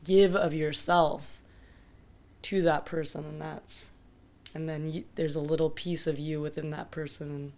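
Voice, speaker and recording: A woman's voice: low voice, little pitch movement, a little slow, darkish tone. A woman in her thirties sharing thoughts reflectively in a casual conversation. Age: 30s. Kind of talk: casual chat.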